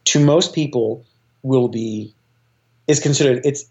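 Rambling, eager man with a mellow voice. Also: medium pitch, a little slow, lo-fi sound. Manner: enthusiastic, rambling with many fillers and restarts. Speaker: choir director and guest. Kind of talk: casual interview talk.

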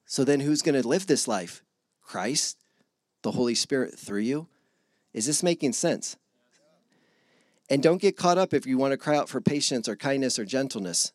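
A man preaching a casual, animated sermon to his congregation, acting out little dialogues with God. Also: mid-range voice, unhurried, pauses often, no echo, studio quality. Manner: animated, acts out God and listeners in voices.

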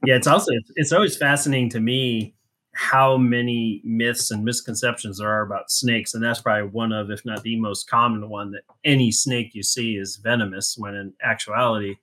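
A man's voice: medium pitch, fairly even intonation, normal speed, pushed and bright. A man hosting a podcast, closing the interview in an earnest, friendly way. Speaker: podcast host. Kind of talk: casual interview.

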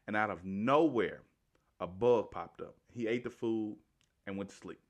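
A man with a somewhat low voice talks his way through a movie plot in an easygoing, colloquial manner. He keeps restarting and correcting himself, checking in with a loose "right?" as he goes. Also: a little slow. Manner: rambling, with frequent restarts and self-corrections. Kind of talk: casual retelling of a movie plot.

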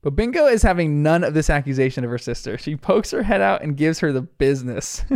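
A man's voice: fairly high pitch, lively intonation, fairly quick, few pauses, no room sound, studio quality. A man giving an earnest, reflective episode recap commentary as a show reviewer. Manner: earnest, reflective retelling with soft laughs.

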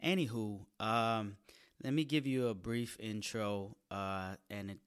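A stand-up comedian hosting his own podcast from a small studio apartment, energetic, profane and mocking himself. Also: on the low side, unhurried, clear, resonant tone. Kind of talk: solo podcast intro monologue.

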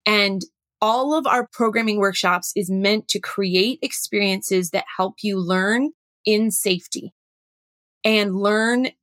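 A middle-aged woman, a workshop facilitator telling a story with animated, acted-out dialogue. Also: mid-range voice, slow pace, no echo. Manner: animated, acts out dialogue in her stories. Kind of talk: storytelling talk.

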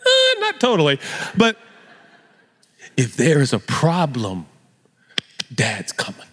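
A middle-aged man preaching a sermon as pastor, animated and joking in a conversational way. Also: on the high side, slow pace, slightly rough, big-room sound.

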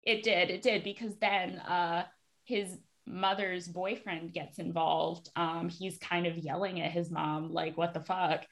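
A woman's voice: lowish voice, flat delivery, measured pace. Chatty woman recapping an episode. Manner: chatty, many fillers. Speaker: podcast host recapping a TV episode. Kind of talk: casual recap chat.

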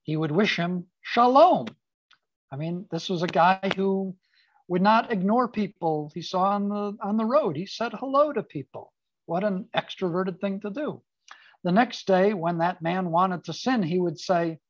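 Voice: medium pitch, expressive, unhurried, no echo. A speaker giving an informal sermon on a Jewish text, conversational with casual asides. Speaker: speaker giving a Torah talk. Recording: dull lo-fi dry recording.

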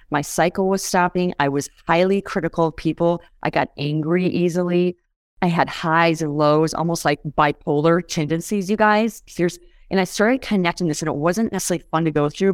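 Her pitch sits fairly low and the audio carries no room sound. As a podcast guest, she explains in a chatty way, frequently pausing to ask "does that make sense" and calling out to "you guys."

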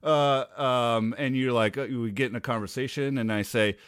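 A man's voice: mid-range voice, fairly even intonation, moderate pace, fairly bright tone, clean tone, no echo, clean studio sound. A man from Oregon co-hosting a podcast, thinking aloud in a hesitant way during a casual conversation. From Oregon, United States. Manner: hesitant, thinks aloud with many fillers and restarts. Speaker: podcast co-host.

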